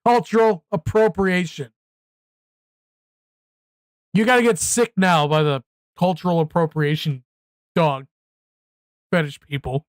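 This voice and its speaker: A man's voice: on the high side, expressive, moderate pace, long pauses, dry recording. A man hosting a live reaction stream, talking bluntly and exclaiming, often repeating himself when worked up. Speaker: streamer host.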